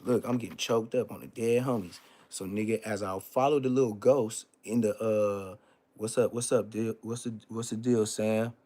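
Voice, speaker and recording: A man's voice: on the low side, steady tone, moderate pace, dark tone. A man telling a story on a casual live stream, profane and emphatic, repeating street oaths.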